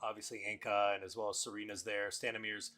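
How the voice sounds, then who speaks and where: Low-voiced man running a tabletop game. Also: quick pace. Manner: relaxed, hesitant, many fillers. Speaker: game master. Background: background music.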